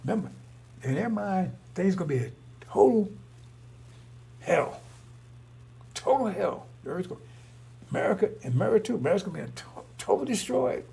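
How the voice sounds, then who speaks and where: A man's voice: high-pitched, animated, brisk, creaky, pauses often, mellow, slightly rough. A man giving an informal religious talk, rambling and repetitive, full of rhetorical questions. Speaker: preacher.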